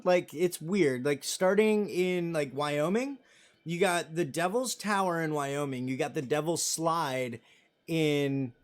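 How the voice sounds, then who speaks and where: A man in his thirties hosting a live stream, chatting casually and rambling as he reads viewer comments and jokes about himself. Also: on the high side. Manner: self-deprecating and joking.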